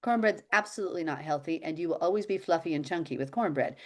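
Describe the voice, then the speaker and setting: A woman hosting a faith-based healthy-habits group on a video call, talking casually, teasing and slipping into high quoted voices. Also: fast talker.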